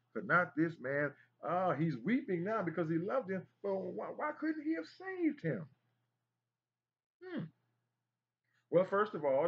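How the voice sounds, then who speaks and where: A man's voice: a little high, husky, muffled recording. A man teaching a Bible study in an emphatic preaching style, repeating phrases and exclaiming as he goes.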